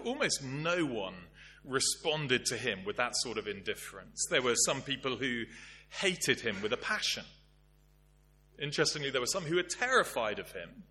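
A man preaching a sermon in a church service, with a measured, emphatic delivery that slows to stress key phrases. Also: medium pitch, bright, forceful tone, slight background noise.

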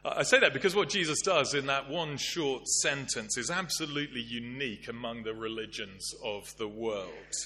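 A man preaching a sermon in a church service, with a measured, emphatic delivery that slows to stress key phrases. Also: medium pitch, bright, forceful tone.

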